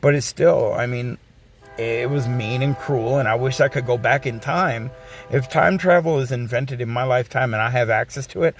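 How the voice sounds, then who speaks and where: Blunt gravelly man ranting. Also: mid-range voice, moderate pace, soft background music. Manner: blunt, swearing, rambling with restarts. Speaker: streamer. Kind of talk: casual rant.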